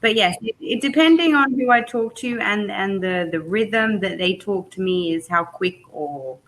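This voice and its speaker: A talkative woman whose British accent drifts toward Australian and South African vowels. She speaks in a casual, animated storytelling way and laughs easily. The sound is that of a simple video-call microphone. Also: mid-range voice, moderate pace, low-quality recording. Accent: British blended with Australian and South African. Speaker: English tutor. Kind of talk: casual chat.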